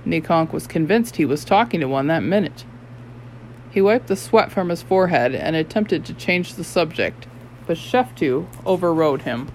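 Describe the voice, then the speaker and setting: Steady audiobook narrator, mid pitch. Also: moderate pace, slight background noise, poor audio. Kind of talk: scripted narration.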